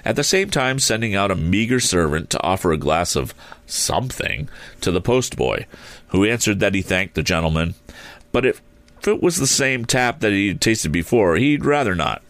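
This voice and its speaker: A man narrating a classic story aloud in an expressive, theatrical way. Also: lowish voice, normal speed, no echo. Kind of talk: audiobook reading.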